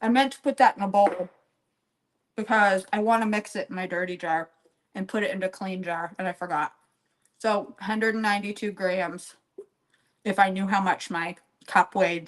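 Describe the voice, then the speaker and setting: With a mid-range voice on poor audio, a home baker chats casually to her live viewers while baking. She rambles, jokes about herself, laughs often and talks to people by name.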